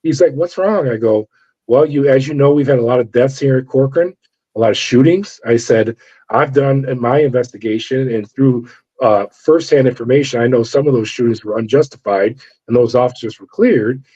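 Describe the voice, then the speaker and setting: A man's voice: medium pitch, moderate pace, mellow, slightly rough. A middle-aged man from California, a former corrections officer, telling his story in an interview and acting out the voices of the people in it. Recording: dull lo-fi audio.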